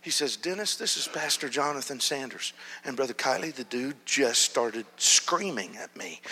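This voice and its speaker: Animated preacher in a reverberant hall. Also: male voice, medium pitch, moderate pace, hardly any pauses, breathy edge. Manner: animated, acts out shouts and whispers. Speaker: pastor. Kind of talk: sermon storytelling.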